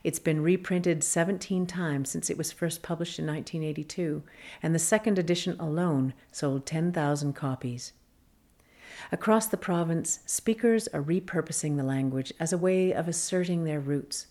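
A woman reading a scripted magazine feature as narrator, measured and even. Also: deep voice.

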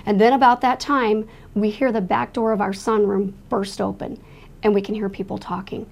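Woman, personal testimony, earnest and emotional, vocal fry, mid-pitched. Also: flat delivery, moderate pace. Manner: earnest, emotional retelling of a frightening night; speaks with religious faith.

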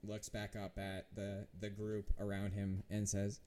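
A man's voice: on the low side, completely flat delivery, a little slow, few pauses, warm tone. Rambling male game master. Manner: hesitant, many restarts and fillers. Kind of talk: narrating a tabletop game.

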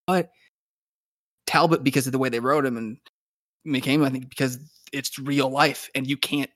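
A man in casual podcast conversation, rambling through his thoughts with plenty of fillers and restarts. His voice sits at a middle pitch. It is recorded dry and close. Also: fairly even intonation, normal speed, fairly bright tone, no echo. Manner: rambling, many restarts and "like" fillers, laughs often. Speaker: podcast co-host. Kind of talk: casual recap chat.

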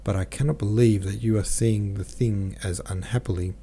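A man reading a grave, gentle old father. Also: lowish voice, fairly even intonation, normal speed, a little hiss or hum, close to an everyday voice. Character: aging father, a gentle, worried merchant.

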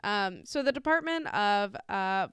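A woman's voice: mid-range voice, lively intonation, a little slow, a bit bright, clear, resonant tone, dry recording, clean studio sound. A woman with a Midwestern American accent co-hosting a podcast in casual chat, laughing often, swearing freely and stumbling over names as she reads news items. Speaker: podcast co-host.

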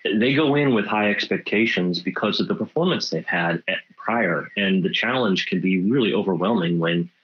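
A middle-aged man speaking in casual conversation, halting and repeating words as he starts. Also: sits low, slight background noise. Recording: dull lo-fi sound.

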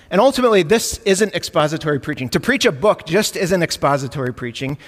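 A man with a Midwestern Chicago accent preaches a sermon, keeping it conversational and joking with his congregation. His voice sits a little high for a man. The sound rings out with the long reverb of a church sanctuary. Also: fairly bright tone. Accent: Midwestern American, Chicago area. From United States.

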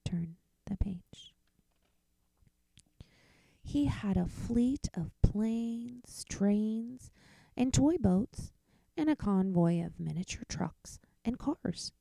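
Gravelly woman reading a picture book. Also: fairly high pitch, slow, no room sound, low-quality recording. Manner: expressive, whispers the page turns. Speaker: narrator.

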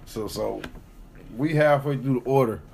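A man's voice: medium pitch, moderate pace, gravelly, darkish tone, slight background noise. A man in a casual podcast chat, telling profane stories and acting out the people he quotes. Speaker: co-host.

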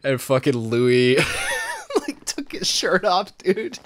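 A young adult podcast storyteller tells a wild party story in casual chat, swearing often, laughing, and saying "dude" and "like" a lot. The voice is medium in pitch with wildly swooping intonation and a slow pace.

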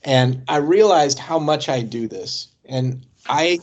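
A man's voice: a little high, takes it slowly, highs cut off. A man co-hosting a casual hobby podcast, easygoing and matter-of-fact. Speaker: podcast co-host. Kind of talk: casual chat about tabletop wargaming.

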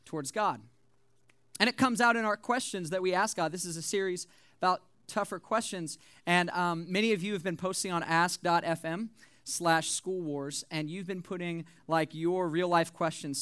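Young male youth pastor, animated and joking, high bright voice, dry close sound. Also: clean tone, dry recording. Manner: animated, joking, conversational preaching. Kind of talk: sermon.

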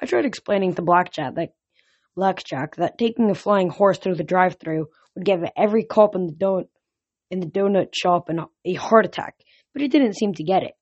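A woman reading a novel aloud as storybook narration, in a steady, plain way with self-corrections. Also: on the low side, normal speed, no room sound. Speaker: reader. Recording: dull lo-fi recording.

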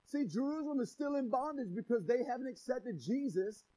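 A man with a strikingly high-pitched voice preaching a sermon. He is animated and playful, joking with the congregation. He punches key phrases with shouted emphasis. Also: a little fast, rough recording. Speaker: pastor.

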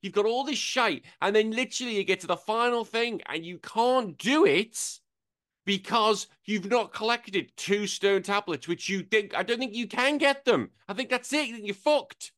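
A man hosts a casual chat over a video call, ranting and swearing with animated energy. His voice sits a little high for a man. The sound is close and dry. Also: normal speed, no echo. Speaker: podcast host. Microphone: headphones and desk microphone.

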